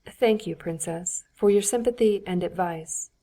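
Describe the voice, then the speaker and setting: A woman's voice: lowish voice, measured pace, warm tone. A woman voicing Alexey Alexandrovitch, a stiff formal husband. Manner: frigid, formal, restrained. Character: stiff, formal middle-aged male official.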